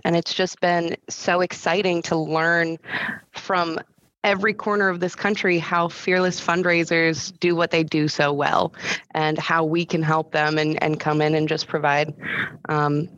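A woman introducing herself as a podcast guest in a halting, earnest way. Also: fairly low pitch, a bit bright, no echo, highs cut off. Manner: halting and earnest, with many restarts. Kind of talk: casual chat.

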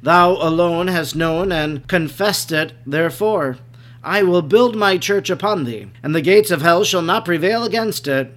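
Jesus, a gentle and solemn grown man, read by a male narrator in a devotional audiobook. He speaks in calm, archaic scriptural phrasing, in a rather high voice. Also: a little slow.

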